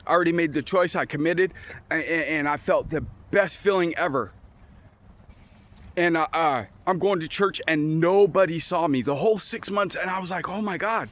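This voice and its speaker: A man's voice: fairly high pitch, moderate pace, fairly bright tone. A man telling his life story in a casual, rambling way, restarting sentences and acting out the conversations he recalls, recorded outdoors on a windy day. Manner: rambling, restarts, acts out quoted exchanges. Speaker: storyteller sharing his testimony. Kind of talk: casual personal testimony.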